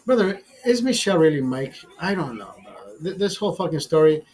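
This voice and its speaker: A man's voice: on the high side, big pitch swings, fairly quick, a little mellow, faint music behind. A man hosting a casual livestream chat, crude and profane, rambling with many restarts. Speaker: livestream host.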